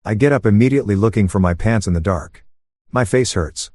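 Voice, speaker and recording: A man narrates a first-person story in a steady, even way. His voice sits fairly low. The recording is close and dry, with no room echo. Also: a little fast, husky.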